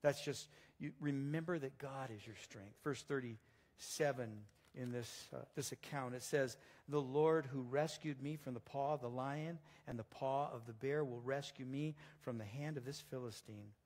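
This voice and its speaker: A man's voice: mid-range voice, fairly even intonation, normal speed, a little mellow, big-room sound. A male pastor preaching a sermon, telling stories in a conversational way with frequent restarts. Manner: storytelling, conversational, with many restarts. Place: church sanctuary.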